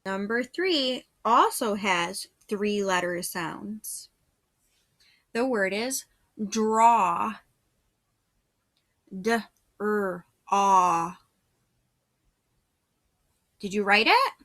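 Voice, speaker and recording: Slow, bright-voiced woman teaching phonics. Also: mid-range voice, expressive. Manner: slow, patient, sounds out letters one by one. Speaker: first grade teacher. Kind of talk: slow phonics dictation lesson.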